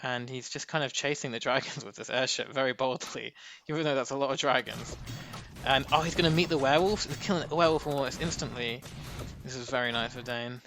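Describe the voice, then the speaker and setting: A man's voice: medium pitch, a little fast. A man giving casual, chatty live commentary on a strategy game match. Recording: steady background noise.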